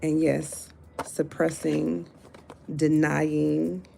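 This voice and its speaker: Gravelly low-voiced woman tarot reader. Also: flat delivery, extremely slow, dark tone, a little hiss or hum. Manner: blunt, talkative, cussing, slangy. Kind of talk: casual live tarot reading.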